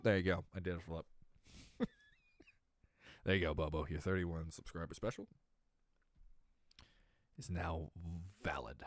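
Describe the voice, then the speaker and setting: A young adult man chatting casually on his stream, telling stories animatedly, swinging from mumbles to loud exclamations, laughing and swearing freely. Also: lowish voice, no echo, studio quality. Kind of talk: casual chat.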